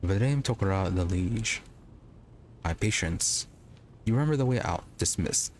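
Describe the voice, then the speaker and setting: A man's voice: low voice, measured pace, a little hiss or hum. A man putting on a cold, curt station lord. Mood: dismissive. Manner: calm, curt and quiet. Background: game music.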